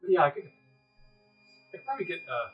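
A woman game master voicing a busy, brisk university headmistress, polite and a little distracted. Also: on the low side, sing-song, dull audio, soft background music, pitched above the performer's own voice.

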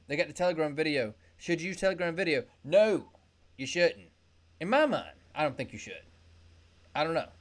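Excitable, rambling sales podcast host. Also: mid-range voice. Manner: excitable, joking, rambling, with sudden whoops; salesy and talks straight to the listener. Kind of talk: solo business podcast monologue.

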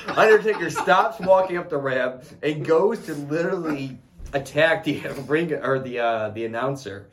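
A man talks through a wrestling match with a co-host in a loose, joking way, laughing often and sounding a little tipsy. His slightly high voice swings up and down with a lively lilt. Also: a little slow, slight background noise. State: a bit tipsy. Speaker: podcast co-host. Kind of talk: casual wrestling recap chat.

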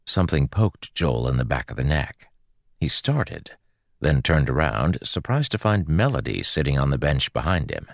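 Very deep, gravelly male narrator. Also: big pitch swings, moderate pace, no room sound. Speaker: audiobook narrator. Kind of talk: audiobook narration.

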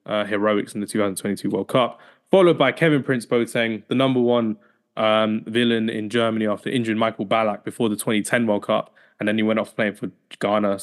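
A man hosting a casual football podcast, reeling off team lineups with playful asides. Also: on the low side. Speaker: podcast host.

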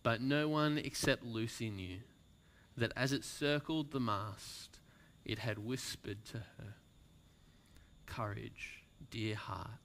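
A man preaching at a slow, deliberate pace, reading a story aloud to his congregation. His voice is bright and crisp, and he lets lines fall almost to a whisper for emphasis. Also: mid-range voice. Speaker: pastor. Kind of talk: sermon with a read-aloud story.

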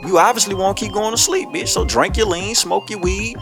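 A man's voice: high voice, fairly quick, over music. Cursing man ranting in street talk. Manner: blunt, heavy cursing, animated storytelling. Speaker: host of a commentary show. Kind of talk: profane street-talk commentary rant.

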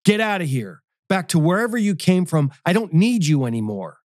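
A man voicing a troubled man who pleads to stay and then shouts in anger, in a narrated audio story. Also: medium pitch, normal speed, dry recording, studio quality, voice pushed up, natural voice. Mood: furious. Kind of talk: audio drama reading.

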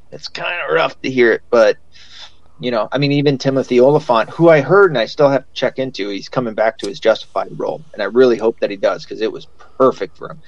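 A man's voice: medium pitch, no echo, muffled recording. A man hosting a podcast in casual chat, rambling with lots of fillers and swearing freely. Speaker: podcast host.

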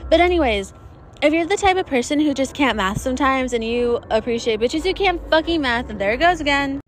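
A little fast and lively in intonation, this young woman's high-pitched voice carries over slight background noise. She records her podcast monologue casually and alone, outdoors in the desert beneath passing planes. She chats freely, swears, pokes fun at herself and laughs a lot.

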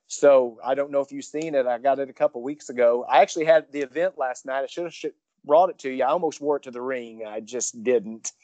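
A man, a professional wrestler, telling a story in an interview, rambling excitedly with many restarts. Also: medium pitch, brisk, few pauses, dry recording.

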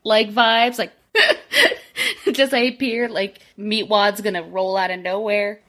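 A woman's voice: medium pitch, slow pace, fairly bright tone. Irreverent woman cracking jokes and cursing on a casual podcast. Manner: jokey, irreverent, swears freely. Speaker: podcast co-host. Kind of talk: casual chat.

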